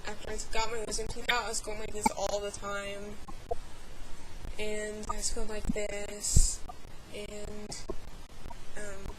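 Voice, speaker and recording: A woman's voice: mid-range voice, monotone, takes it slowly, pauses often. A young woman rambling nervously in a personal vlog from her bedroom, full of fillers and restarts. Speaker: vlogger. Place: bedroom at home. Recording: loud noise from bad conversion.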